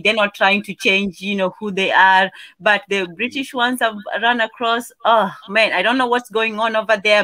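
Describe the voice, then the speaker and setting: A woman giving frank opinions in a casual panel chat, quick to mock what annoys her. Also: medium pitch, bright, forceful tone, dry recording.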